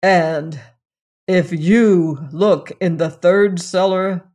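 A storyteller giving voice to a harsh, stern male master in a fairy tale read aloud, speaking slowly with a raised, threatening voice. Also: medium pitch, steady tone, darkish tone.

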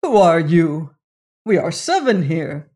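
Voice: mid-range voice, big pitch swings, slow pace, dark tone. A narrator voicing a hostile, blustering elder who snarls threats in a western audiobook story. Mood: snarling. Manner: snarling, hot-tempered.

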